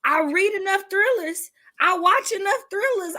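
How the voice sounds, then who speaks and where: A woman hosting a casual book discussion, animated and laughing as she acts out her own reactions. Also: extremely high pitch, normal speed, hardly any pauses. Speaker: readathon host. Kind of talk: casual video-call book chat.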